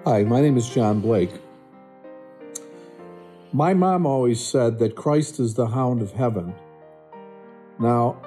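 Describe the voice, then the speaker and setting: A man, telling a personal story in a conversational way as a podcast guest. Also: warm tone. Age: 60s. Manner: conversational, acts out quotes of family with rising pitch.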